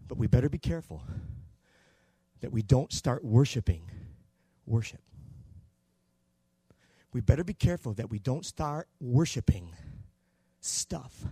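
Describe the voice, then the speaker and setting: A man preaching a sermon in a church, swinging between loud shouting and quieter low passages. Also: animated, a little slow, long pauses, breathy edge, no echo, clean studio sound. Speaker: pastor.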